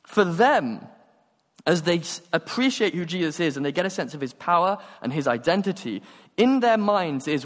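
A man preaching a sermon, telling stories and acting out the dialogue with animated energy. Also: on the high side, normal speed. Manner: animated storytelling, acts out dialogue. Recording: long hall reverb.

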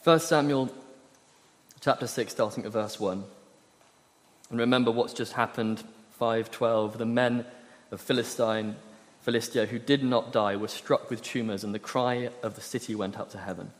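A man's voice: medium pitch, steady tone, moderate pace, in a large hall. A man preaching a sermon, earnest and emphatic, often repeating phrases for effect.

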